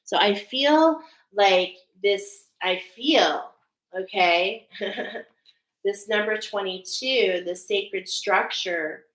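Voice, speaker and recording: A woman's voice: medium pitch, drawn-out words, fairly bright tone. Earnest lady doing a card reading, keeps saying okay?, roomy echo. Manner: earnest, emphatic, repeats "okay?" often. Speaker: oracle card reader. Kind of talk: spiritual card reading to viewers.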